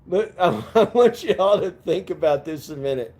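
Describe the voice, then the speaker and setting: Male streamer, loose and profane, rambles and laughs a lot; somewhat high but dark, warm tone. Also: lively intonation, normal speed. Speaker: live-stream vlogger. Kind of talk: casual live-stream chat.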